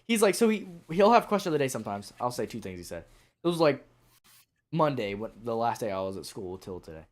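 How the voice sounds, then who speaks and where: A teenage boy in casual chat on a racing league podcast, telling a joking, animated story. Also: medium pitch, fast. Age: teens.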